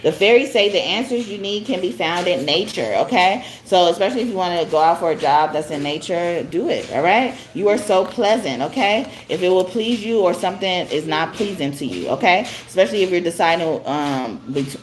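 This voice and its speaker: A woman's voice: on the low side, lively intonation, brisk, hardly any pauses, a little hiss or hum. A woman giving a live spiritual card reading, chatty, often tagging her lines with "okay?" and laughing. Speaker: tarot card reader.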